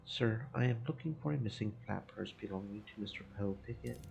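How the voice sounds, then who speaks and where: A man voicing a calm, courteous minotaur investigator in a measured tone. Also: lowish voice, creaky, faint music behind.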